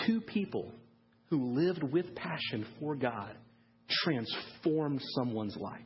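A man preaching a sermon to parents, telling a story in a lively way and acting out the people he quotes. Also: mid-range voice, muffled recording. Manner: animated storyteller, acts out quoted voices. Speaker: pastor.

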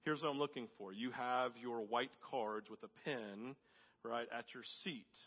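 A man's voice: medium pitch, measured pace. Give me a man preaching in a reverberant church, his voice dull and muffled. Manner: builds to loud emphatic peaks, then drops to soft intimate tones. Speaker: pastor. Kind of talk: sermon. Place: church sanctuary. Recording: dull audio with long hall reverb.

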